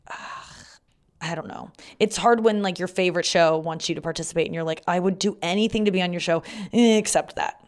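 A woman in her thirties with a slightly low voice rambles through a personal story on her own podcast. She talks loosely and candidly, swears freely, and jumps into the voices of the people in her story. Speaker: comedian podcast host. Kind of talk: casual storytelling monologue.

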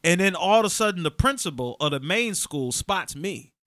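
A man, a guest comedian, telling an animated story in a casual chat and laughing often. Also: sits high, normal speed, no echo, clean studio sound. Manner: expressive, laughs often, acts out voices.

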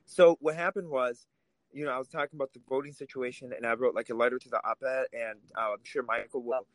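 A man's voice: medium pitch, fairly even intonation, fast talker, no echo, rough recording. A man from Russia, co-hosting a political podcast and talking in a heated, emphatic way. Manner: heated, emphatic, swears when angry. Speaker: podcast co-host.

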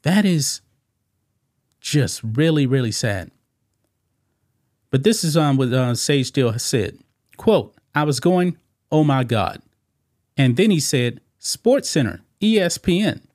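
A man's voice: medium pitch, sing-song, unhurried, pauses often, darkish tone, dry recording, studio quality. A man hosting a reaction commentary channel. He talks emphatically, repeats himself, and keeps saying "man". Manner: repetitive, emphatic, calls listeners "man".

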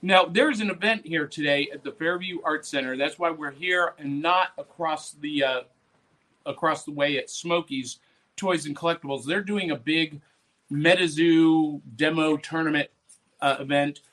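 Bright-voiced man hosting a live chat. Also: on the high side, moderate pace, low-quality recording. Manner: chatty, playful teasing. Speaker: podcast co-host. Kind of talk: casual live podcast chat. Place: indoor arts center event with vendors.

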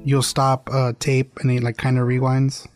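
A man's voice: mid-range voice, completely flat delivery, moderate pace, music in the background. A young man co-hosting a podcast, joking around and laughing often in casual chat. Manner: joking, laughs often, breaks into silly bits. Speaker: podcast co-host.

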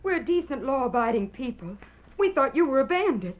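An actress playing an earnest, prim frontier homesteader's wife in a 1940s radio play. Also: female voice, high-pitched, sing-song, fairly quick, muffled recording. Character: homesteader's wife, proper, homely baker.

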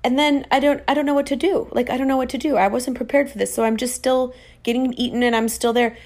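A woman's voice: high voice, fast talker. A young woman tells a personal story straight to her audience in a casual, chatty way. She mocks herself and acts out quoted lines with a lot of life. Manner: animated, self-mocking, acts out quoted dialogue.

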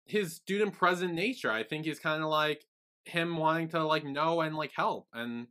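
A man's voice: a little high, normal speed, bright, forceful tone. A man co-hosting a podcast, summarizing plot in an easygoing casual chat. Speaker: podcast co-host.

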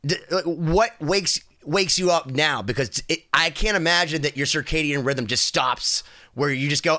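Bright, animated male podcast host. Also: a little high, normal speed. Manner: animated, sarcastic. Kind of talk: casual chat.

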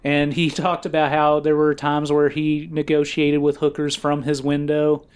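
A man with a smooth, resonant voice pitched a little high chats on a podcast. He tells stories at length and laughs easily as he goes. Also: monotone, moderate pace. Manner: chatty storyteller, laughs often. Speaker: podcast co-host. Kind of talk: casual chat.

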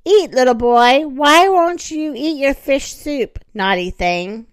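A woman's voice: sits high, animated, slow pace, no echo, clean studio sound. A woman voicing a wicked bad fairy who nags and wheedles in a gloating way. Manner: nagging, wheedling.

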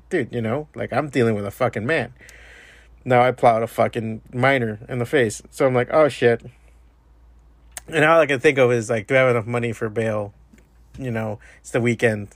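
Male podcast host, gravelly, mid pitch, rambling and profane. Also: no room sound. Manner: profane, rambling, animated storyteller. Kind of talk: casual monologue storytelling.

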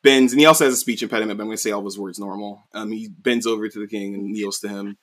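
A man's voice: fairly low pitch, fairly even intonation, racing, fairly bright tone. A man co-hosting a podcast, casually recapping a story in a rambling way, full of "you know" and "like". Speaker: podcast co-host.

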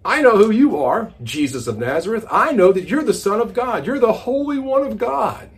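A frantic unclean spirit shrieks out its defiance in a high, loud, urgent voice, as a man puts it on while telling the story. The cries rise and fall in wide, animated swings. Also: moderate pace, slightly rough, full character voice. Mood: alarmed, defiant. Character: agitated unclean spirit crying out in a synagogue.

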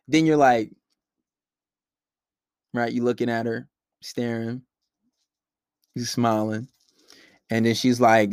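A man's voice: a little high, no room sound, studio quality. A man giving blunt, profane dating advice in a casual monologue, acting out quoted dialogue between couples.

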